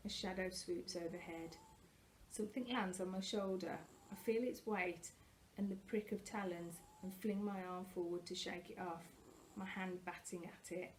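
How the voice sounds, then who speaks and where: A woman reading a first-person novel aloud, expressive and growing louder at tense moments, with the odd slip and self-correction. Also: medium pitch, a little hiss or hum, low-quality recording. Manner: occasional slips and self-corrections. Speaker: reader.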